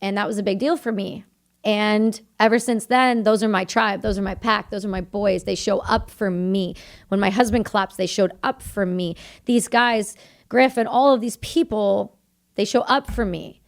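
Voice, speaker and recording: A woman's voice: mid-range voice, fairly even intonation. A woman from Canada, a combat veteran, telling her story as a podcast guest in candid, earnest conversation. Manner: earnest, tells her story in quick bursts of remembered dialogue.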